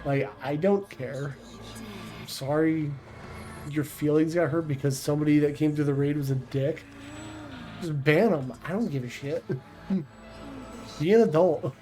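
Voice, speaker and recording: A man's voice: a little high, unhurried, pauses often, dark tone, faint music behind, poor audio. A man chatting casually on a livestream, blunt and profane, rambling with restarts. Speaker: streamer.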